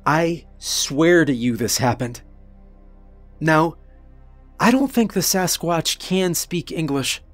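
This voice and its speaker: A man narrates a first-person horror story slowly and deliberately, leaning on dramatic pauses. His voice sits somewhat high for a man and sounds dry and close. Faint music plays behind him. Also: very animated, dry recording.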